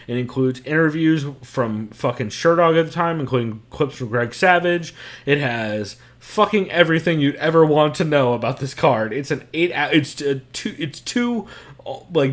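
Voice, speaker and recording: A man's voice: a little high, animated, normal speed. Rambling, swearing podcast host guy. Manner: laughs often, rambling, swears freely. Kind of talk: casual podcast chat. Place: his own room at home.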